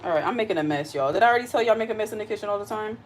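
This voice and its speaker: A woman talking to her live-stream audience while she cooks in her home kitchen. Her voice sits at an ordinary middle pitch. She is chatty and heartfelt, reads viewer comments aloud, and often says the same point twice for emphasis. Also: animated, rapid-fire, a little hiss or hum. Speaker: livestream host. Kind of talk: casual live-stream chat while cooking.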